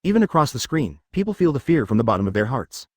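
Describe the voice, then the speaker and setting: A man's voice: mid-range voice, very animated, fast, no room sound, clean studio sound. A man reading a web novel aloud as narrator, dramatic with stiff translated phrasing.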